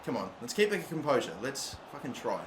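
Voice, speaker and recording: A young man commentating his own football video game, swearing constantly and bursting into loud, frustrated outbursts. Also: medium pitch, very animated, brisk. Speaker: gaming YouTuber. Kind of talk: live gameplay commentary. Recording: echoey room, faint background noise.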